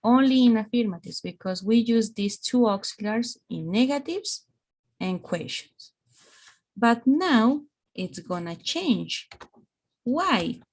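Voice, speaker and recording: Over a video call, a native Spanish speaker patiently walks a student through English grammar step by step, saying "okay" often to check in. Her voice is a little high and a little mellow, with lively intonation and a slow pace.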